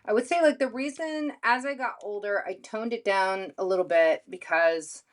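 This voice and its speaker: A woman co-hosting a podcast in casual chat, talking in an animated, frank way and swearing casually. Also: medium pitch, normal speed. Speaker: podcast co-host.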